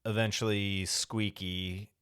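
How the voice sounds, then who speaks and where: A man's voice: on the low side, flat delivery, takes it slowly, fairly bright tone, clear, resonant tone. A man co-hosting a podcast, casually retelling a film scene by scene in a rambling way with frequent profanity. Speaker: podcast co-host. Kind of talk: casual movie recap chat.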